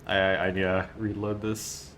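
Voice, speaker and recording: Male streamer with a low, sleepy morning voice, slow and flustered, joking at his own expense over a faint hiss. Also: little pitch movement, fairly bright tone. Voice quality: groggy morning voice. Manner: flustered, self-mocking, easily cracks up. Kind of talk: live stream chat and reading aloud.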